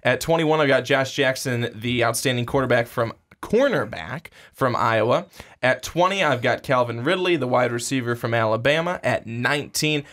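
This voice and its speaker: A man's voice: mid-range voice, moderate pace, a bit bright. A man co-hosting a casual sports podcast, teasing his partner with dry wisecracks. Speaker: podcast co-host.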